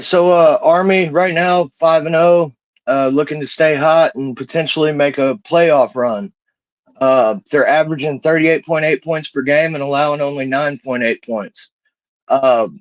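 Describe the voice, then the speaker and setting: A man's voice: a little high, no echo, highs cut off. A man appearing as a guest tipster, casually reading out stats and his betting picks. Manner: relaxed, reads out stats. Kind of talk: casual sports picks talk.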